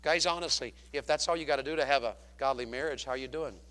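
A man preaching a sermon as a pastor, animated, swinging from loud to hushed. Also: medium pitch, fast talker.

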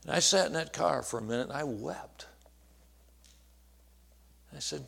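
An evangelist in his sixties tells a story from his own life. His voice sits a little high for a man. He speaks folksy and earnest, restarts his sentences and drops into quiet asides. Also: unhurried, gravelly, pauses often, husky. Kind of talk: storytelling sermon.

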